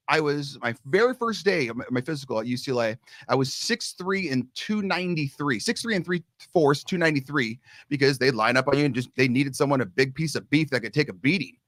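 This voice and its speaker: Fast-talking middle-aged man telling stories. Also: fairly high pitch, no echo. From Southern California. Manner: animated storyteller, acts out quoted coaches. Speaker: guest, long snapping coach. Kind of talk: casual storytelling.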